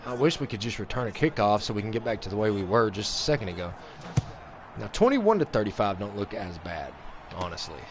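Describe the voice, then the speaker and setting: Brisk and on the low side, a male gaming channel host calls a sports game let's-play like a mock broadcaster. He vents constantly, alternating between flat grumbles and bursts of excitement, with background noise behind him.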